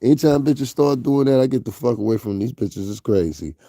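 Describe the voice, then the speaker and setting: A man's voice: medium pitch, lively intonation, brisk, dark tone, no echo, clean studio sound. A man with a Northeastern US accent doing blunt, profane casual gossip commentary, talking straight to his viewers. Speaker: commentary vlogger.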